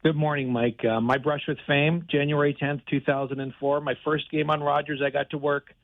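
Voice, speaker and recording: A man in his forties, a caller from Canada, telling a lively, self-deprecating story on a phone-in show. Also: on the high side, a little fast, no room sound. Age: 40s. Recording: tinny phone line, dry.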